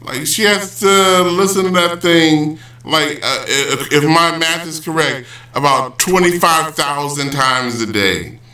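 A man's voice: on the high side, slow pace, bright, forceful tone. A man rambling casually in a vlog, joking and correcting himself as he goes. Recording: roomy, distant, poor audio.

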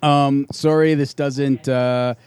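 A man's voice: mid-range voice, flat delivery, takes it slowly, a little mellow, clean tone, no room sound. A man telling a frustrated story in casual chat, swearing freely and acting out the quoted voices of the people involved.

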